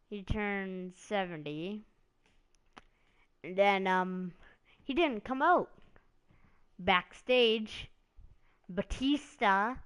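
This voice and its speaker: A woman's voice: medium pitch, fairly bright tone, clear, resonant tone. A woman hosting a casual live stream about wrestling, rambling along with lots of "like" and "um" as she recaps storylines. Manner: rambling, meandering, heavy on "like" and "um".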